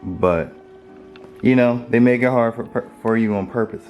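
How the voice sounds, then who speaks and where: A man's voice: mid-range voice, measured pace, darkish tone, lo-fi sound. A man giving a casual, chatty how-to walkthrough for his car channel, talking loosely while he works with his hands and films on a handheld phone. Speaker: car DIY vlogger. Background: music playing.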